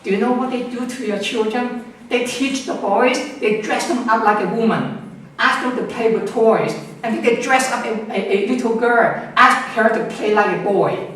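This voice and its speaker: A man's voice: very high-pitched, moderate pace, fairly bright tone. A man giving emphatic, lecturing answers in an interview, often repeating words and restarting. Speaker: interviewed scholar. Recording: echoey room, distant mic, faint noise.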